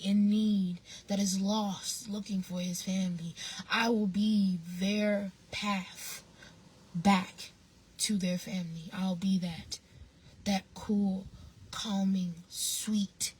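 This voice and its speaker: A woman's voice: mid-range voice, slight background noise, low-quality recording. A woman vlogger telling a story in a casual monologue, blunt and emphatic, swearing freely and repeating phrases for emphasis.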